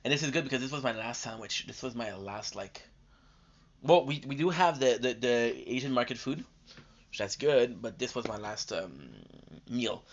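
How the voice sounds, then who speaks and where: A man's voice: mid-range voice, normal speed. Tired, rambling gaming streamer man. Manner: rambling, chatty, many fillers and restarts. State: tired and coming down with a cold. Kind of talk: casual live-stream chat. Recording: dull lo-fi stream audio.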